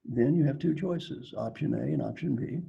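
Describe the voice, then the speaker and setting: Gravelly, husky man telling stories. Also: mid-range voice, moderate pace, highs cut off. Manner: animated storyteller, acts out characters. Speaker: executive coach. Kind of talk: storytelling Q&A talk.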